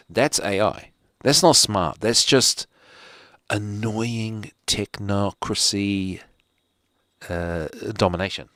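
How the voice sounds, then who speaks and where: A man's voice: fairly low pitch, expressive, a little slow, no room sound, studio quality. A man hosting a live show from home, rambling casually with joking asides. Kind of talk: casual rambling livestream talk.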